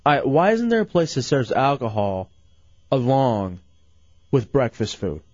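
A man hosting a casual late-night radio show, animated and full of incredulous questions, his voice going hoarse. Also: mid-range voice, a little slow, no room sound, lo-fi sound.

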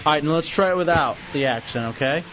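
A man's voice: fairly high pitch, fast, fairly bright tone, slight background noise. A man hosting a radio show, bossy and teasing as he pushes a co-worker around in casual banter. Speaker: radio host. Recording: muffled radio broadcast.

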